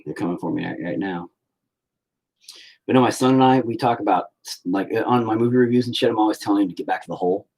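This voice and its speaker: A man's voice: on the low side, fast, a little mellow. A man rambling and swearing in mock anger as he paints and talks to his viewers. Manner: profane, rambling, mock-angry. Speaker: painting vlogger. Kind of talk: casual rant while painting.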